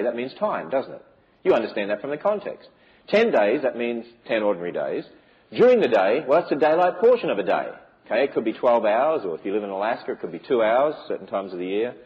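A man's voice: medium pitch, muffled recording. A man giving an emphatic preaching lecture to a church audience, with many rhetorical questions. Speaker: speaker on biblical creation.

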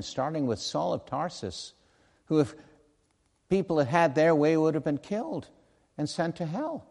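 A man with a fairly high, slightly mellow voice preaches earnestly and conversationally, slipping in asides and correcting himself. A long hall reverb fills the recording.

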